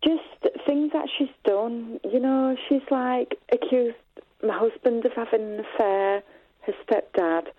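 A middle-aged woman calling a phone-in, talking hesitantly with many pauses, sounding distressed. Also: fairly high pitch, no room sound. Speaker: caller. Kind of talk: phone-in call. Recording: tinny phone line.

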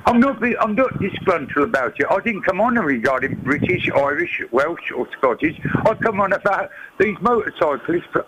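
A man's voice: high-pitched, big pitch swings, moderate pace, background noise. A man calling a radio phone-in, arguing and rambling off his point. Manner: argumentative, rambling. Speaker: caller.

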